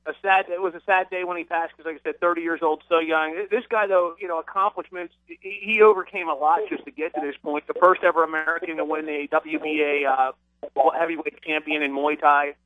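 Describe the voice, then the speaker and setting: A man's voice: on the high side, fairly even intonation, a little fast. A man hosting a radio show, interviewing a guest in a casual way with some hesitations. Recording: tinny phone-band radio audio.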